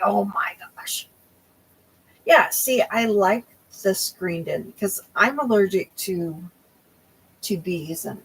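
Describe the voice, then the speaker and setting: A woman's voice: fairly low pitch, breathy edge, poor audio. A young woman hosting a crochet livestream, chatting casually with viewers and often losing her train of thought.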